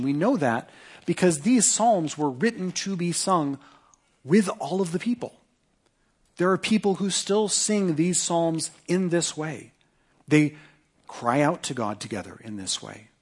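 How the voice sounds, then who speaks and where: A man preaching a sermon in a church, earnest and emphatic, with pauses for weight. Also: on the high side, husky. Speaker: pastor. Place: church sanctuary.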